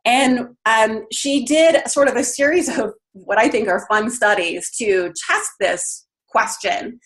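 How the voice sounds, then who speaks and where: A woman's voice: medium pitch, a bit bright. A woman giving an informal webinar talk, who says "um" and "you know" a lot as she explains. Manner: casual, many ums and you-knows. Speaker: webinar presenter.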